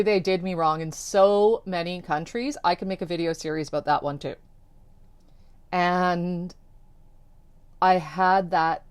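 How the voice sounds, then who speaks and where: A woman's voice: on the low side, clear, resonant tone. A woman telling a personal story to camera, candid and conversational, loose with little fillers. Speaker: keynote speaker.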